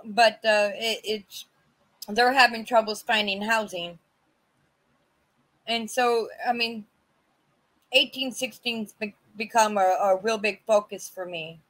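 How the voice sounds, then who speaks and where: A woman from California speaks in an unhurried way, telling her own story to a virtual panel. She pauses often, fills gaps with "um" and restarts her sentences. She is heard over a video call. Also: medium pitch, steady tone, fairly bright tone, poor audio. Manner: halting, many fillers and restarts. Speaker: community advocate sharing her story.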